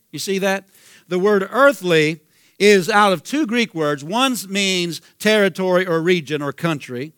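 A man's voice: sits high, a bit bright, clean tone, no room sound, clean studio sound. A man preaching a sermon with a Southern US accent, fervent and repetitive, calling out hallelujah. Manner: fervent, repeats himself, calls out hallelujah.

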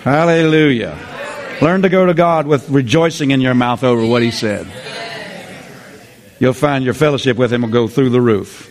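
A man's voice: medium pitch, moderate pace. A man preaching a sermon as pastor, exuberant and repetitive, often laughing.

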